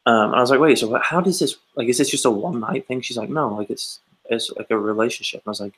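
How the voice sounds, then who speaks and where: A man's voice: medium pitch, fairly even intonation, fast, fairly bright tone, rough recording. A man co-hosting a casual podcast, telling a long rambling anecdote and acting out the quotes. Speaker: podcast co-host. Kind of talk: casual storytelling chat.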